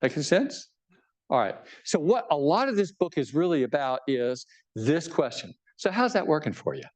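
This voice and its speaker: This man's voice sits a little high and has a darkish tone, and he delivers it at normal speed, very animated. He's a bishop chatting informally about his book before a live crowd, poking fun at himself and often checking on the audience.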